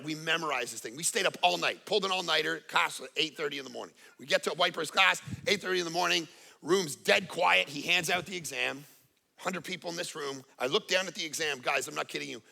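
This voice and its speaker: A middle-aged man preaching a sermon as pastor, telling stories with animated swings from hushed to loud. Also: on the high side, gravelly.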